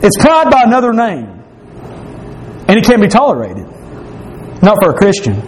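A man's voice: high voice, wildly swooping pitch, normal speed, a little hiss or hum. A man preaching in a church, earnest and confessional, repeating phrases for emphasis. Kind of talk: sermon.

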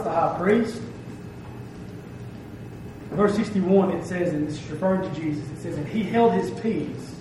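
A man whose voice sits high gives an emphatic sermon, stressing phrases and checking in with "okay?" The capture is distant in a very echoey room, with slight background noise.

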